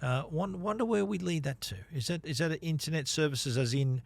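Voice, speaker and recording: A man co-hosting a tech podcast, talking casually with restarts and quick "yep" replies. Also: on the high side, vocal fry. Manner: chatty, loose with restarts and "yep" fillers. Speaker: podcast co-host. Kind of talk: casual tech chat and read ad.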